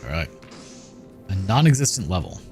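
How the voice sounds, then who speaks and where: A man's voice: low voice, sing-song, normal speed. A man streaming a game live, chatting casually and reacting aloud as he plays. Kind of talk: casual live gameplay commentary. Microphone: desk microphone. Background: game music.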